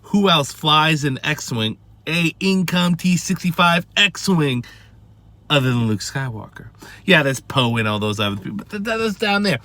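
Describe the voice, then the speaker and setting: A man with a wife and family talking casually about a show he loves, swearing and tripping over restarts as he gets excited. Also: on the high side, moderate pace, no room sound. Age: adult with a wife and family. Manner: swearing, emphatic, stammering restarts. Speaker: vlogger. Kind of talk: casual excited fan rant.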